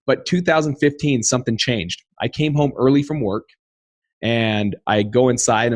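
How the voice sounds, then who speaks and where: A man in his thirties, a podcast guest, telling a personal story in an earnest, animated way and acting out the quotes. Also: medium pitch, no room sound.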